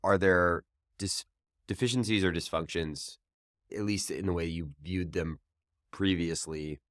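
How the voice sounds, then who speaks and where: A man with an extremely deep voice hosts a podcast interview, asking reflective questions at a measured pace. The recording is dry and close. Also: fairly bright tone, dry recording. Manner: thoughtful, probing questions with hedges. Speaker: podcast host.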